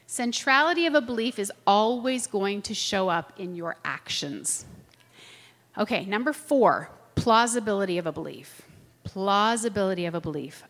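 Animated woman teaching in a reverberant hall. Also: mid-range voice. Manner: animated, checks in with listeners often. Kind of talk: classroom lecture with personal anecdotes.

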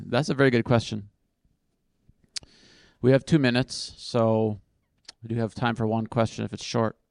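A man's voice: medium pitch, steady tone, normal speed, gravelly, a little mellow, no echo, clean studio sound. A man speaking at a conference and answering audience questions off the cuff, thinking aloud in a casual, self-deprecating way.

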